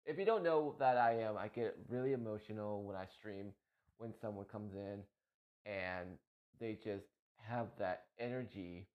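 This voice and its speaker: A man with a somewhat low voice talks to his stream viewers in a casual, heartfelt ramble. He repeats himself often and gets emotional as he goes. The sound is dull and lo-fi, like a cheap streaming mic. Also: normal speed. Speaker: Twitch streamer.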